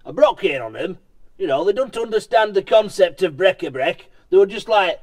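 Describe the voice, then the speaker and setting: A man's voice: high voice, expressive, moderate pace, darkish tone. A man talking bluntly and swearing as he vlogs about radio from his vehicle on a hilltop. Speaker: radio hobbyist vlogger. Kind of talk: casual ranting vlog. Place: vehicle parked on a hilltop outdoors.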